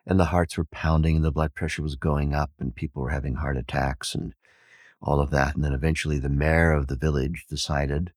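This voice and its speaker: A man telling a parable and teaching on Vedic wisdom, an animated storyteller who acts out the villagers' shouts. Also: extremely low pitch, fairly quick, no room sound, studio quality. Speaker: podcast host and teacher.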